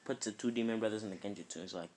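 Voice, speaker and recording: A man's voice: fairly low pitch, racing, darkish tone, a little hiss or hum. A man casually telling a made-up fan story, rambling and filling it with "kinda" and "like".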